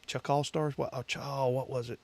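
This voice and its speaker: A man's voice: medium pitch, flat delivery, brisk, vocal fry, darkish tone. A man hosting a casual livestream chat, rambling and repeating himself as he answers viewers with easy laughs. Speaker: livestream host.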